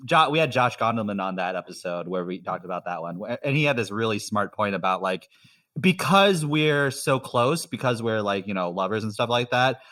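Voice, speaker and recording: A man's voice: lowish voice, lively intonation, brisk, a bit bright, recorded from a distance. A man co-hosting a podcast about music albums, chatting casually with many fillers and frequent laughs. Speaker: podcast co-host. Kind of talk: casual chat.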